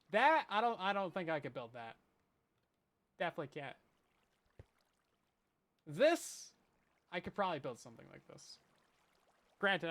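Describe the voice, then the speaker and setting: A man giving rambling, self-deprecating commentary while playing a survival game on a stream. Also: fairly high pitch. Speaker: Minecraft streamer. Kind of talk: casual gameplay commentary.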